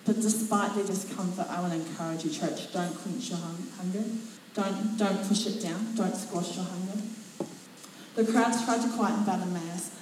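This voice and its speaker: A woman preaching a sermon in a church, telling Bible stories with lively, expressive delivery and acting out the lines. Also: fairly low pitch, moderate pace, background noise. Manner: expressive storytelling, acts out quotes. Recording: very echoey church from a distance.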